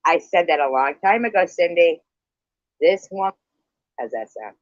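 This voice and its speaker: A man's voice: on the high side, animated, unhurried, dry recording. A man in a heated livestream argument, hostile, profane and accusing. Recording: dull lo-fi stream audio.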